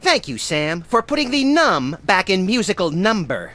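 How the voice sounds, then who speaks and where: A woman's voice: mid-range voice, sing-song, normal speed, fairly bright tone, no echo, faint music behind. A performer voicing a vain, manic little male rabbit-like creature who talks brashly about himself in a game. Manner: brash, self-important, sardonic.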